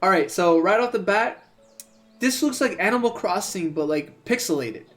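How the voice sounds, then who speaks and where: A man streaming a video game, talking casually and rambling, repeating words and breaking into excitable outbursts. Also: high voice, moderate pace, soft background music. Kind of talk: casual let's-play commentary.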